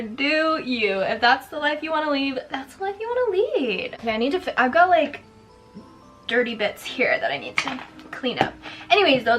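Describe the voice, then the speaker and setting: Woman, high voice, chatty and sarcastic, casual makeup vlog, faint music underneath. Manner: chatty, sarcastic, says "like" and "girl" often. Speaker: spooky lifestyle vlogger. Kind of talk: casual storytelling while doing makeup.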